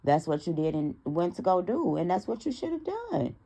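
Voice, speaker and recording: Young woman, low voice, gravelly fry, casual storytime vlog, animated, talks straight to viewers. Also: normal speed. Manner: animated, talks straight to her audience, acts out quoted dialogue. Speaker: storytime vlogger.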